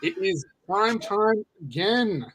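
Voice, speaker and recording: A middle-aged man co-hosting a casual live stream, talking in a rambling, halting way with lots of fillers. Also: high voice, expressive, a bit bright, breathy edge. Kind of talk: casual chat.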